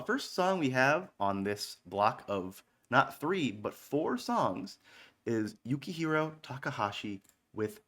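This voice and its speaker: A man's voice: mid-range voice, a bit bright. A man in his thirties hosting a radio-style stream, talking casually between songs in a rambling, offhand way, swearing often and making self-mocking jokes. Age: 30s. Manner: self-mocking, joking asides. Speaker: online radio stream host.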